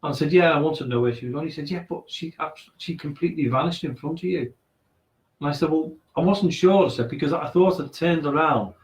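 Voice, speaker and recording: With a fairly high pitch and a slightly fast delivery, this radio guest wanders through a ghost story. He performs what each character said, and the recording has the echo of a reverberant room.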